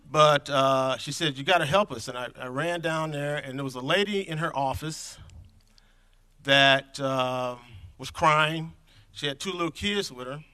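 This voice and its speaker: A man's voice: fairly high pitch, pushed and bright. A middle-aged man speaking at a conference, telling a personal story in an earnest, conversational way that drifts off his script. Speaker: conference speaker on infant health programs.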